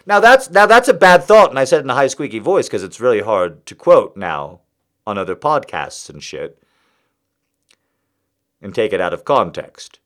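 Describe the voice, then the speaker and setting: A man's voice: medium pitch, big pitch swings, normal speed, a bit bright. A man hosting a podcast, delivering a rambling, confessional, self-mocking comic monologue.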